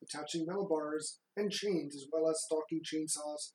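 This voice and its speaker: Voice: medium pitch, fairly even intonation, normal speed, darkish tone. A co-host plainly summarizing a movie plot in casual chat, with fillers and restarts. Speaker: podcast co-host. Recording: roomy echo.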